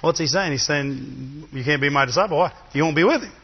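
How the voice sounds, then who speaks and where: A man preaching a sermon in a lively, chatty way, with asides to the congregation. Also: on the high side, a little fast, vocal fry, husky. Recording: dull, long reverb of a hall.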